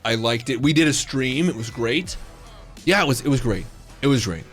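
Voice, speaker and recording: A male game streamer talking casually to his viewers. His delivery is playful and rambling, full of teasing banter, and his pitch leaps around expressively. Soft music plays quietly in the background. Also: lively intonation, normal speed. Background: faint background music.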